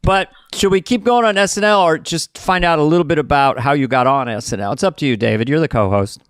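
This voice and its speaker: A man's voice: on the high side, fast talker, fairly bright tone, clear, resonant tone, dry recording, clean studio sound. A man hosting a casual chat, asking questions in a playful, joking manner. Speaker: host.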